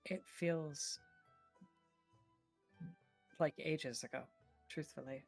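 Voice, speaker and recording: A woman player in a tabletop game talks slowly with a wry, easygoing manner. Her pitch is middling, and faint music runs underneath. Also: fairly even intonation. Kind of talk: casual tabletop game play.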